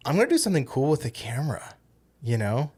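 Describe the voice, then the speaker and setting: A man's voice: mid-range voice, big pitch swings, quick pace, a little mellow, breathy edge. A man co-hosting a podcast, chatting casually about films, rambling with frequent ums and restarts. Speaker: podcast co-host. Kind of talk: casual film-discussion chat.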